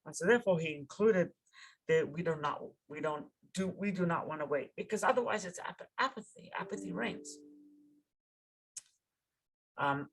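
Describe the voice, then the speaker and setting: A man's voice: high-pitched, moderate pace, creaky, long pauses, a bit bright, husky, low-quality recording. A man teaching a Torah class in a casual, conversational way, often tagging "right?" and repeating or restarting words. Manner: slips into informal slang.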